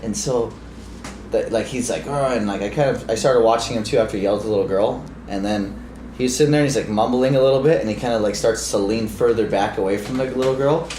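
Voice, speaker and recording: A man co-hosting a podcast, telling a story in a casual, animated way, swearing freely and acting out the people in it. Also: lowish voice, fast. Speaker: podcast co-host. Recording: roomy with faint noise.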